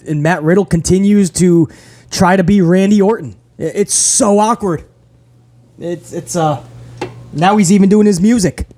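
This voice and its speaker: A man hosting his own wrestling review show, ranting in a casual, profane, animated way and mocking what he saw with quick impressions. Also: high voice. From grew up in housing projects.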